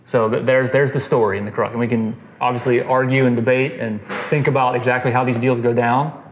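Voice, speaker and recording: Bible study leader, male, mid-pitched, easygoing teaching talk, recorded in an echoey room with faint hiss. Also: fairly even intonation, brisk. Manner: casual, quizzes the group, frequent "okay" and "right". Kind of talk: conversational scripture teaching. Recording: roomy echo, faint noise.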